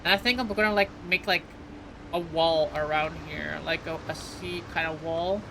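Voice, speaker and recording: A woman's voice: low voice, moderate pace, noisy background. A young adult woman streaming a game live, chatting casually and playfully with lots of "like" fillers. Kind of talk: casual live gameplay chat.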